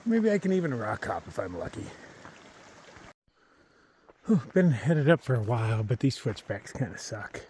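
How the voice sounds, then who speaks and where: A man's voice: medium pitch, big pitch swings, normal speed, pauses often, a little mellow, a little hiss or hum. A man filming himself on a long-distance hike, chatting casually and telling wry, joking stories as he walks a mountain trail. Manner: joking, laid-back, wry storytelling. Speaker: long-distance hiker filming his trek. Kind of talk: casual vlog commentary.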